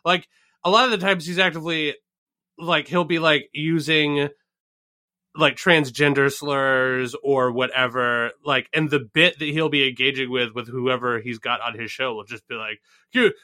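Sarcastic man with a bright voice. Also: mid-range voice, fairly even intonation, moderate pace. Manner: sarcastic, exasperated. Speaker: podcast co-host. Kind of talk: casual political chat.

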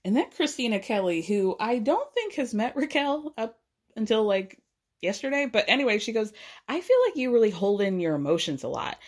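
A woman hosting a podcast, giving a casual, profane, gossipy recap of reality TV with quick asides. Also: mid-range voice. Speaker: podcast host.

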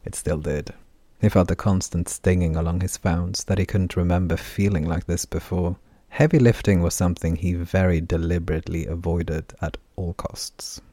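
Male audiobook narrator, deep, dry close read, steady pacing. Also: normal speed, no room sound. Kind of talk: audiobook narration of a fantasy novel.

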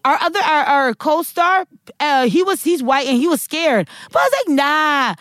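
A woman guest in a casual chat, telling her stories in an animated way and swearing freely. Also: high voice, moderate pace.

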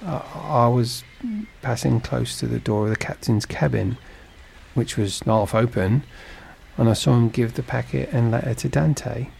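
A man's voice: medium pitch, steady tone, normal speed, creaky, darkish tone, husky. A man reading a storybook and voicing a sly, envious supercargo with an insinuating manner. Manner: insinuating, scheming.

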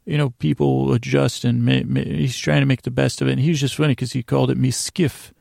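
A man with a deeply gravelly, fry-heavy voice rambles through a drowsy, self-deprecating recap in an almost monotone delivery. Recorded close and bone-dry, with no room around him. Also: a little fast, no echo. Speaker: podcast host. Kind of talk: casual rambling recap for sleep.

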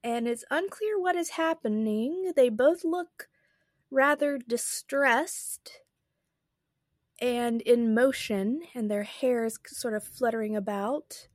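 A woman's voice: fairly high pitch, slow, no echo, clean studio sound. A woman hosting a podcast, chatting about a book with wondering, amused asides and reading it aloud. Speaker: podcast host and reader. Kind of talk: casual musing and reading aloud.

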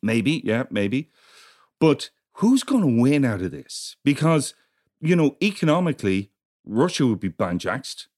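A man, co-hosting a podcast in casual chat, quick to react and tease his partner. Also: mid-range voice, big pitch swings, darkish tone. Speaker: podcast co-host.

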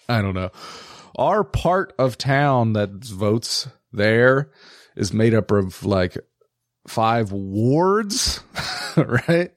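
A man's voice: fairly low pitch, no echo, studio quality. A man co-hosting a podcast, talking politics casually with lots of swearing and laughter. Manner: profane, animated, laughs often. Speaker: podcast co-host.

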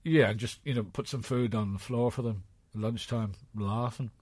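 A man's voice: medium pitch, fairly even intonation, moderate pace, darkish tone, breathy edge, no echo. A man hosting a comedy podcast, teasing his guests in playful, casual banter. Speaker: podcast host.

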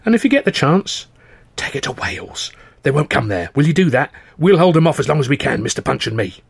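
A man voicing an excitable older seaside father who talks in urgent, conspiratorial bursts and jumps into high, fussy tones. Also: brisk, vocal fry, husky, dry recording, full character voice. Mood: jovial, fussy.

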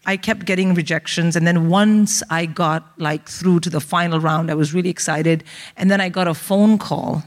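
A woman, telling stand-up stories in an animated, quick, self-mocking way on a theatre stage. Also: fairly low pitch. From India. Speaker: comedian host. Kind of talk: stand-up storytelling. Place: large theatre stage, live audience. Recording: live theatre hall reverb.

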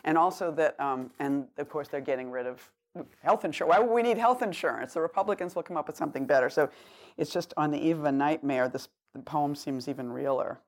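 A middle-aged woman with a Boston accent gives a poetry reading, declaiming her poems and then chatting in a halting, rambling way between them. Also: low voice. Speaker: poet.

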